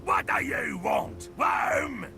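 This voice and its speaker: A man voicing a nervous, thin goblin steward who lisps and mewls in a shrill, drawn-out shout. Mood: fearful. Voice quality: mewling, lisping. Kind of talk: video game voice acting. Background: loud game music.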